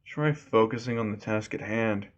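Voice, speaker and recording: A man voicing a cold, calm teenage boy hero. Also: on the low side, normal speed, muffled recording, close to an everyday voice. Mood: curt.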